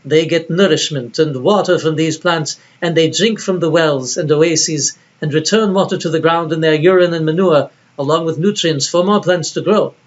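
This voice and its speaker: A man voicing a proud male Bedouin herder in a measured, stately accent from an old film, in a dull lo-fi recording. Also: fairly high pitch, lightly acted. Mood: lecturing.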